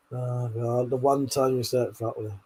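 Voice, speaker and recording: A slightly tipsy British livestream host reads viewer comments, mocks them playfully, and laughs and swears a lot. His voice is mid-range with a dark tone, and there's slight background noise.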